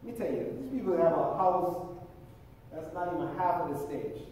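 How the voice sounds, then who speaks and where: Man, pastor, sermon, chatty storyteller, high voice, heavy hall echo, distant mic. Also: expressive, normal speed, a little mellow, a little hiss or hum. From Jamaica. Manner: conversational storyteller, acts out quoted voices. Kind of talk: sermon with personal stories. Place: church auditorium.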